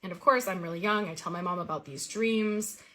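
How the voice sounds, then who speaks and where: A woman's voice: on the low side, fairly quick, a little hiss or hum. A woman earnestly recounting a vivid personal dream story in a casual way. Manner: earnest, vivid retelling with lively quoted dialogue.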